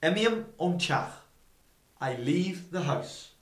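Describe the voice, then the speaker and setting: A man reading a scripted language lesson slowly and deliberately, repeating each example. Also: a little high, lively intonation, a bit bright. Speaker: language teacher. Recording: roomy echo.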